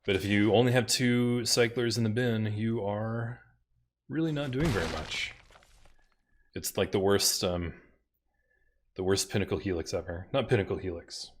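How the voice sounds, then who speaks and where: A man with a lowish voice talks through a card game as he plays it. He mutters along casually and laughs at his own misplays. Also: expressive, a little slow, long pauses, slight background noise. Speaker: streamer playing a card game. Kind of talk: casual gameplay commentary.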